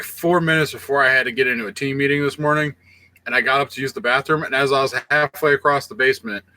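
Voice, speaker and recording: A man's voice: on the high side, bright, forceful tone. A man co-hosting a podcast in casual chat, telling stories in a blunt, profane way. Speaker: podcast co-host.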